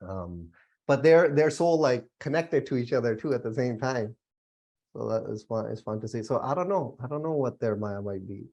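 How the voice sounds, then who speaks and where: Chatty man teaching a relaxed class. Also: mid-range voice, normal speed, lo-fi sound. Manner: relaxed, chatty, many fillers and laughs. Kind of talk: casual spiritual class talk.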